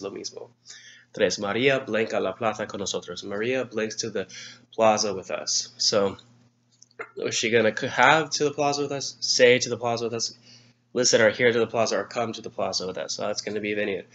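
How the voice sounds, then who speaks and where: A man's voice: lowish voice, fairly bright tone. A man teaching a grammar review lesson, explaining patiently and spelling words out letter by letter. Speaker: Spanish teacher. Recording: dull lo-fi recording.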